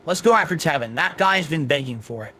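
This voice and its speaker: A man's voice: a little high, animated, brisk, sharp tone. A man's AI voice playing a rude, foul-mouthed male chatbot with a Southern US accent who insults the streamer. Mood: snide. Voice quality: crude, insulting, grumpy. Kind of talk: AI voice chatbot replies.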